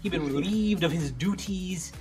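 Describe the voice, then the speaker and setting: A man's voice: high voice, moderate pace, soft background music. A man co-hosting a podcast in casual chat, joking and slangy as he recaps an episode. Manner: joking, slangy, animated storyteller. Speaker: podcast co-host.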